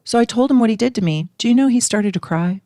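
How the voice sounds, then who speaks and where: A woman's voice: on the high side, expressive, fast talker, mellow, no echo. A middle-aged woman teaching astrology in a casual, emphatic way, piling up lists of words and swearing now and then.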